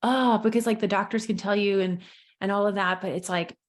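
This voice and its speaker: A woman in her thirties hosts a solo podcast in a candid, heartfelt way. Her voice sits at a middle pitch and swings up when she gets emotional. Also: steady tone, brisk. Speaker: podcast host, business coach. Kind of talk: casual solo podcast talk.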